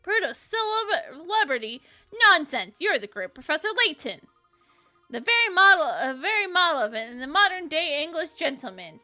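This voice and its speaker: A woman's voice: high-pitched, very animated, normal speed, pushed and bright, faint music behind, pitched above the performer's own voice, exaggerated voice. Woman doing an eager young boy apprentice.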